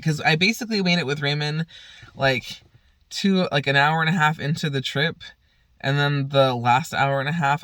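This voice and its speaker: A man's voice: a little high, a bit bright, dry recording. A young man casually telling a rambling, profane story on his vlog, often laughing. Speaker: vlogger.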